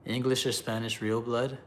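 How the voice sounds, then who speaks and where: A man's voice: mid-range voice, slight background noise. A man casually chatting on a live stream, reading chat aloud, loose and joking, laughing often. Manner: halting when he switches languages.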